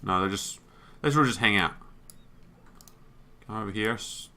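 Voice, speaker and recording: Male let's player, bright tone, casual and profane, reading game prompts aloud. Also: fairly low pitch, moderate pace. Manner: thinks aloud, swears, reads on-screen text. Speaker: gaming YouTuber. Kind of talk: let's play commentary.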